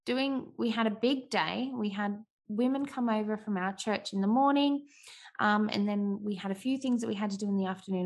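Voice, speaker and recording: A mother talks through her own parenting in an earnest, reflective way. Her voice has a gravelly, creaky texture at a mid pitch, and she often restarts her sentences. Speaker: parenting speaker. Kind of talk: casual talk on parenting.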